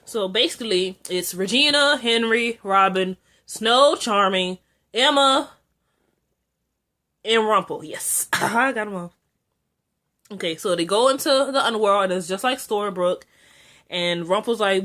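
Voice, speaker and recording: A young woman recapping a TV episode in a casual vlog, chatty and excitable, full of fillers and asides. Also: unhurried. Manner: chatty and excitable, frequent "like" and filler, jumps high when excited. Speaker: TV episode reviewer.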